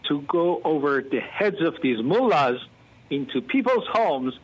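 A man's voice: fairly high pitch, big pitch swings, measured pace, slightly rough, lo-fi sound. A man from Iran, a guest evangelist, telling a personal testimony earnestly with many fillers and restarts.

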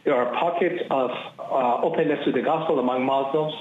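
A man's voice: mid-range voice, brisk, darkish tone, slight background noise. Man, tinny and echoey. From Iran. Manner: earnest, emphatic, repeats phrases for weight. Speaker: ministry leader, interview guest. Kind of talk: personal testimony in an interview. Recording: tinny phone-like audio in an echoey room.

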